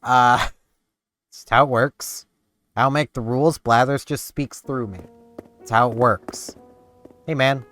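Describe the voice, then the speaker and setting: A man's voice: mid-range voice, fairly even intonation, takes it slowly, pauses often, fairly bright tone. A man hosting a gaming channel, giving casual gameplay commentary with rambling, self-deprecating chatter. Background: game music.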